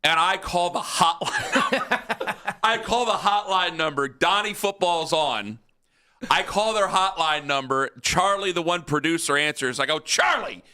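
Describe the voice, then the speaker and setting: A man hosting sports talk radio, telling stories in a lively way and acting out both sides of a phone call. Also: high voice, unhurried. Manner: animated storyteller, acts out both sides of conversations.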